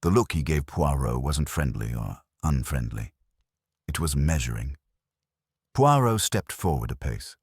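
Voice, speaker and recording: A man's voice: a bass voice, very animated, a little slow, slightly rough, no echo. A man giving dry, wry, matter-of-fact scripted first-person narration of a detective story.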